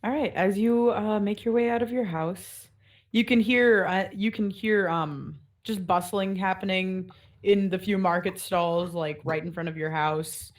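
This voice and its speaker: A woman's voice: medium pitch, unhurried. A woman running a tabletop game as game master, narrating scenes in a rambling way full of "like" and "kinda".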